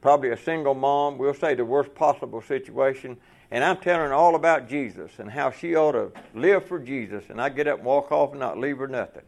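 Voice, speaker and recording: Gravelly preacher man. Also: mid-range voice, brisk. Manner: folksy, conversational preaching with rhetorical questions. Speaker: trucker preacher. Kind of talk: sermon.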